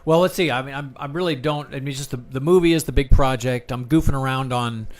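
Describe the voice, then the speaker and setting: A man's voice: medium pitch, quick pace, dry recording. A middle-aged man, a guest artist and filmmaker, chatting in an interview, rambling and self-mocking with many restarts. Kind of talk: casual interview chat.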